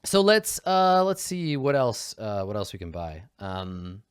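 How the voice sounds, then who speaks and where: Young male player, casual and rambling, expressive delivery, dry recording. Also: on the low side, a little slow, clean tone, dry recording. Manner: rambling, swearing, muttering to himself. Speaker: player in a tabletop game show. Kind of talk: casual chat while building a character.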